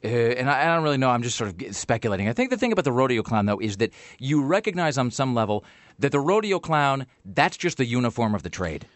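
Quick, animated male radio host. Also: medium pitch, dry recording. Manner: rambling, joking, many fillers and restarts. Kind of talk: casual radio talk show chat.

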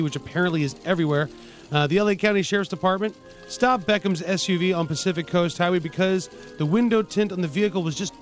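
A man co-hosting a radio show, reading news items with jokey sarcasm. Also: high-pitched. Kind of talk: casual radio banter.

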